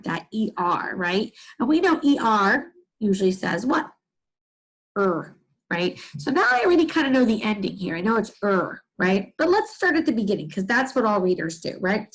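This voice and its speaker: A woman teacher giving a reading lesson to young children, sounding out words slowly in chunks and asking the listener questions. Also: mid-range voice, fairly bright tone, low-quality recording. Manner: slow, sing-song, exaggerated sounding out of words; asks the listener questions and answers them.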